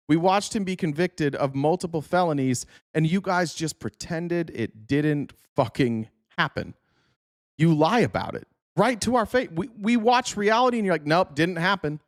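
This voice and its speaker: Male commentary host, fairly high pitch, blunt and profane, dry close recording. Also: dry recording. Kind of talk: casual political commentary.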